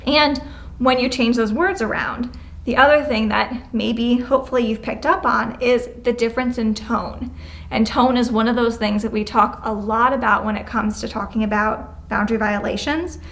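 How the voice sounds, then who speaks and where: A woman leading a classroom lesson, giving brisk, encouraging step-by-step directions and acting out example phrases. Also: fairly high pitch, steady tone. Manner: acts out example phrases with changing tone. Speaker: prevention educator leading a class. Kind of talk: classroom instruction. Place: school classroom, indoors.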